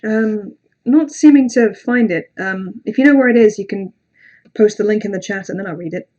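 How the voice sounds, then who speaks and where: A woman's voice: medium pitch, normal speed, mellow, muffled recording. A woman hosting a casual livestream, chatting with viewers in a rambling, self-deprecating way with lots of ums and some swearing. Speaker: livestream host.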